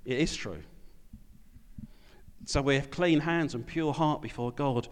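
A man preaching a sermon, talking in a relaxed, conversational way and putting questions to the congregation. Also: mid-range voice, measured pace. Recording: long hall reverb.

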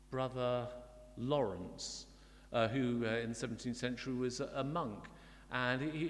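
In a church with long hall reverb, a man preaches a sermon in a reflective, conversational way, often restarting his sentences. His voice is medium-pitched and fairly bright.

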